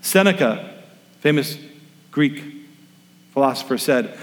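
A man's voice: on the high side, moderate pace. A man preaching a sermon as pastor, telling stories and acting out the people in them. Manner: storytelling, acts out quoted voices. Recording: long reverb of a large room.

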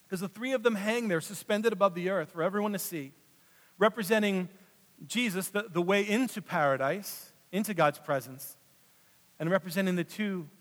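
High-voiced male pastor in a reverberant hall. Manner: swings between loud emphatic passages and hushed, slow drops. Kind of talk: sermon. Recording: long reverb of a large hall.

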